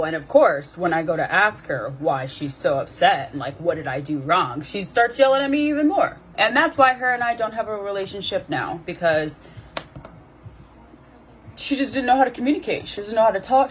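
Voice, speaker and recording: A woman's voice: mid-range voice, animated, moderate pace, a little hiss or hum. A woman, a life coach, candidly telling a personal story to her viewers in a conversational way with many fillers. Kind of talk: casual personal storytelling to camera.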